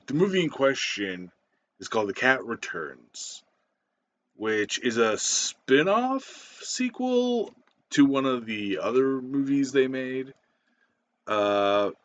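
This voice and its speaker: A man's voice: mid-range voice, expressive, takes it slowly, fairly bright tone, dull audio. A man giving a casual spoken movie review, rambling with many fillers, restarts and casual swearing.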